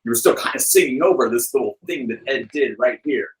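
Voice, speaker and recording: A man guest on a podcast, telling stories in a rambling, animated way with many "like"s and "you know"s. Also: medium pitch, brisk, rough recording. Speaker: guest, film director and author. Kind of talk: casual podcast interview.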